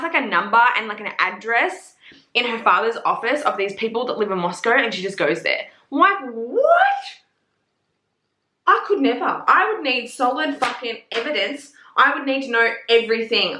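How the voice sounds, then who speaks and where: A woman's voice: fairly high pitch, a little fast, echoey room. A young Australian woman with an Australian accent, gushing and swearing in a casual book review vlog. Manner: gushing, profane, excitable.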